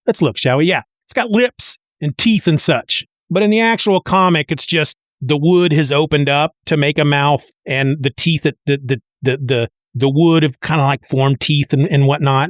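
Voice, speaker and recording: This is a man with a fairly high voice, hosting a relaxed comic book recap. He talks in an excitable, chatty way and stumbles into restarts as he walks through each page. His voice sounds close and dry. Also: dry recording. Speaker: comic book podcast host.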